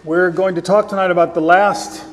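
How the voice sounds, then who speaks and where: A man preaching a sermon as pastor, teaching earnestly with pauses and repeated phrases, and slowing down to read scripture aloud. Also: high-pitched, fairly even intonation. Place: church. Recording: long hall reverb.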